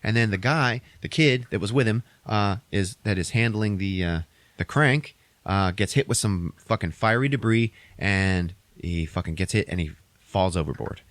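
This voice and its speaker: A man's voice: fairly low pitch, normal speed, a bit bright, dry recording. A young man hosting a podcast, recapping a movie in a rambling, swear-heavy casual way. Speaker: podcast host.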